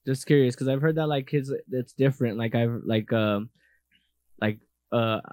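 A man's voice: medium pitch, normal speed, a little mellow, no room sound, clean studio sound. A man co-hosting a podcast in casual chat, curious and rambling with lots of fillers. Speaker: podcast co-host.

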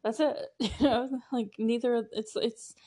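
A woman's voice: on the high side, fairly even intonation, measured pace, crowd noise. Chatty woman recapping a show. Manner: chatty, lots of fillers and frequent laughter. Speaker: podcast host. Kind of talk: casual TV episode recap.

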